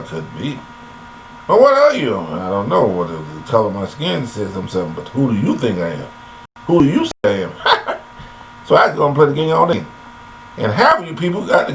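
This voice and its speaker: An older man vlogger delivers a rambling, folksy philosophical monologue, preaching and addressing listeners directly. His voice is mid-range, and the low-quality laptop webcam recording has some hiss or hum.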